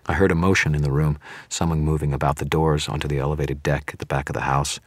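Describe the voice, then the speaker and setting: A man reading a first-person story in a measured, dramatic style. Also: rumbling low, little pitch movement, slightly rough, no room sound. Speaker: audiobook narrator. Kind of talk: scripted narration.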